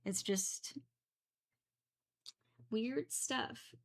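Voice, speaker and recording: A woman's voice: sits high, animated, extremely slow, slightly rough. A young woman chatting casually while she paints, rambling with many fillers and small giggles. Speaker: painting streamer.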